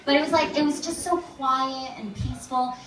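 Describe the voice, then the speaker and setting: A young woman performs a stand-up set in a slightly high voice, talking fast and loose and full of "like" as she slips into other people's voices. She sounds a little distant from the mic in an echoing room. A crowd laughs around her. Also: a bit bright. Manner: chatty, lots of "like", acts out other people's voices. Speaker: stand-up comedian. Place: comedy club stage with a live audience.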